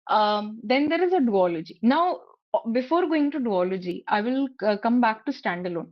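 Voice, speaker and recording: A woman's voice: fairly high pitch, lively intonation, moderate pace, highs cut off. A woman with an Indian accent giving an online talk, explaining terms and often checking in with "okay?". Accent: Indian English. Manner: explains in English mixed with Hindi, frequent "okay?" checks. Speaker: guest speaker on reading. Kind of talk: online presentation with slides. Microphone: video call.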